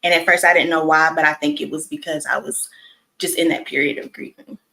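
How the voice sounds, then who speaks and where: A young woman hosting a casual chat, speaking softly and reflectively with many fillers. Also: low-pitched, steady tone, a little fast, gravelly, low-quality recording. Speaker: host.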